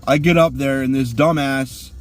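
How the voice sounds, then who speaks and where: A man's voice: medium pitch, steady tone, normal speed, faint music behind. A man ranting crudely and profanely while sitting in his car. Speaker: vlogger.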